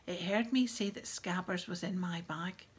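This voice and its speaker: Female reader voicing a loud, indignant teen boy, breathy edge. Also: lowish voice, moderate pace. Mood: sulky. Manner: loud and angry outbursts. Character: hot-tempered teenage boy, indignant.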